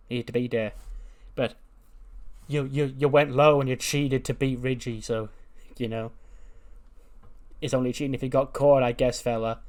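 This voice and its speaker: A man voicing a gruff male wrestler who calls out a rival in a rough, casual way. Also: mid-range voice, darkish tone, close to an everyday voice. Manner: rough, casual challenge, repeats "fella".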